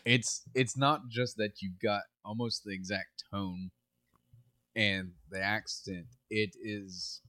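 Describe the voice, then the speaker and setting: A man's voice: lowish voice, fairly even intonation, takes it slowly, bright, forceful tone, dry recording. A man co-hosting a casual podcast from a cafe, easygoing and enthusiastic, close on a podcast mic. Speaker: podcast co-host. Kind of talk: casual chat.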